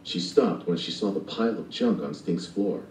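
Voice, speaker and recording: A man's voice: sits low, animated, moderate pace, a little mellow, a little hiss or hum. A man reading a children's storybook aloud expressively, acting out sound effects along the way. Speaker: storybook narrator. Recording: distant and echoey playback.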